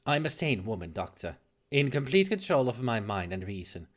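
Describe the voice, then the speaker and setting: A man doing a hushed, composed lady. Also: very animated, noisy background, natural voice. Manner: low, hushed and measured. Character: composed Victorian woman recounting a nightmare. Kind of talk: reading game dialogue aloud.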